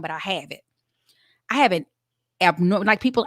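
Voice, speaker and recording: A woman, co-hosting a casual talk show and telling stories in an animated, excitable way. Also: fairly low pitch, moderate pace, long pauses, no echo, studio quality. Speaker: co-host.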